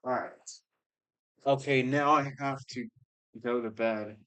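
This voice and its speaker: A man hosting a casual livestream, chatting with viewers and reading their comments aloud in a relaxed, rambling way. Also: medium pitch, takes it slowly, low-quality recording. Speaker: livestream host reading scripture.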